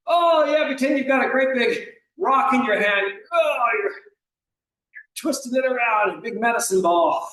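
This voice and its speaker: A man's voice: very high voice, a bit bright. Upbeat man coaching an exercise class. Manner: upbeat, encouraging, counts out reps. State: slight cough. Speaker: fitness instructor. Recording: echoey room, voice far from the mic.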